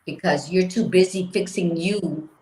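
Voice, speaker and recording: Blunt woman cohost, swears a lot, kinda low voice, echoey room. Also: a little slow, slight background noise. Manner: blunt, animated, swears freely. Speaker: podcast co-host. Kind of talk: casual motivational chat.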